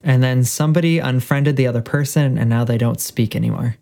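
A man's voice: mid-range voice, fairly quick, creaky, dark tone. A man chatting casually about politics, retelling conversations with quoted lines.

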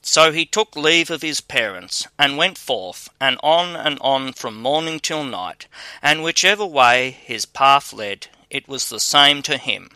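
A man reading a fairy tale aloud as narrator, with a measured, even storytelling delivery. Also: medium pitch, clear, resonant tone, no room sound.

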